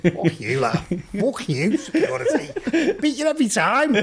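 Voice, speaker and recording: A man's voice: extremely high pitch, huge pitch swings, a little slow. A middle-aged man with a Liverpool accent, swearing and laughing his way through rambling stories as a podcast guest. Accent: Liverpool (Scouse). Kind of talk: casual anecdotal chat.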